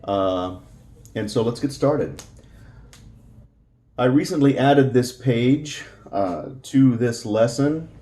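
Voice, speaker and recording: Slow-paced man teaching Spanish. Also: mid-range voice, expressive, dark tone. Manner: patient, repeats words, frequent "uh" fillers. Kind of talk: slow explanatory language lesson.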